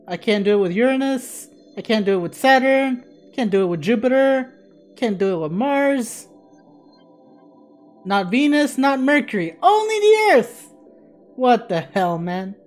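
A woman playing a video game, giving casual commentary in an excitable way, swearing freely. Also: a little high. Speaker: let's play gamer.

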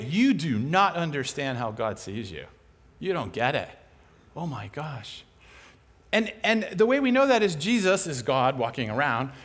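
A man preaching a sermon in a lively, conversational way, acting out quoted voices as he goes. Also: sits high. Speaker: pastor.

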